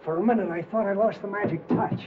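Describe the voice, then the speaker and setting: An actor playing a tough-talking crook in a 1940s film, using streetwise slang. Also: male voice, high-pitched, fast talker, natural voice. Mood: gruff. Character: tough-talking male crook, middle-aged. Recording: tinny old film soundtrack with hiss.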